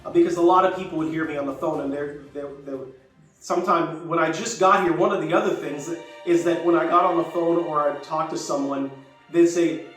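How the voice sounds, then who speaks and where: A man's voice: fairly high pitch, steady tone, brisk, fairly bright tone. An older man from Jamaica tells a personal story in a casual, reflective way, often restarting his sentences. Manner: reflective, rambling with frequent restarts. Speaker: YouTuber. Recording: very echoey room, distant mic, faint music.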